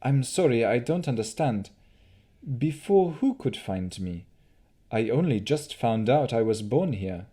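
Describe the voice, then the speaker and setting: A man's voice: mid-range voice, lively intonation, measured pace, warm tone, slightly rough. A man reading an audiobook, voicing an earnest young woman, a half-elf heroine who asks anxious questions. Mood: questioning.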